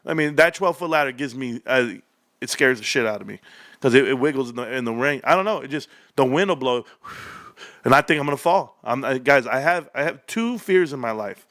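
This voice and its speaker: A man in his thirties hosting a stock livestream, ranting excitedly and telling rambling stories. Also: fairly quick. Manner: hyped, rambling, loud swings, laughs often; lower storytelling mode.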